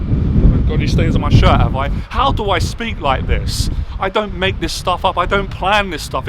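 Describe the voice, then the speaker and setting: Man, motivational speaker, emphatic repetitive delivery, slightly high voice, outdoors with clear traffic noise. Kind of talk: impassioned motivational monologue. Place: outdoors on a city rooftop.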